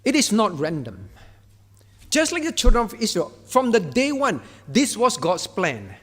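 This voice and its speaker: A man's voice: high voice, huge pitch swings, a little slow, fairly bright tone, long reverb tail. A man preaching a sermon as pastor, emphatic and repetitive, stressing key words and acting out divine commands in a firm voice. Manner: acts out God's words in a firm voice. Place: church.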